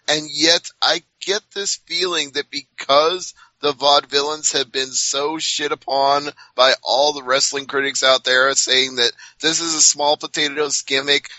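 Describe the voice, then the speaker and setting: A man's voice: fairly high pitch, sharp tone, dry recording. A man hosting a casual wrestling podcast, chatty and leading the discussion. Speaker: podcast host. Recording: dull lo-fi sound.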